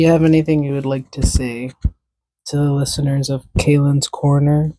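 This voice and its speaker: A woman's voice: sits low, level tone, moderate pace, dark tone, dry recording. A woman hosting a casual solo podcast, rambling chattily and stopping to talk to her cat. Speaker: podcast host.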